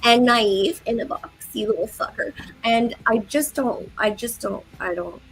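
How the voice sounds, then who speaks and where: A woman's voice: a little high, measured pace, vocal fry, husky, faint music behind, rough recording. A woman co-hosting a casual book discussion podcast, playful and blunt, laughing often. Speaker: podcast co-host.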